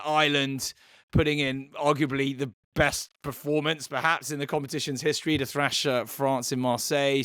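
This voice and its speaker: Man hosting a podcast, chatty and teasing, dry close sound, mid pitch. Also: a bit bright, clean tone, no room sound. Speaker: podcast host. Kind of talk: casual chat.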